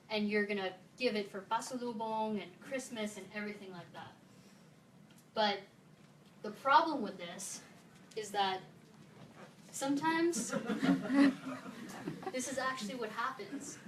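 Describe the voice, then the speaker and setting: A woman from the Philippines gives a casual, playful talk at a meetup, quizzing the audience in a meeting room. Her voice is medium-pitched and a bit bright, with slight background noise. The recording sounds roomy, with a distant mic and faint ambience.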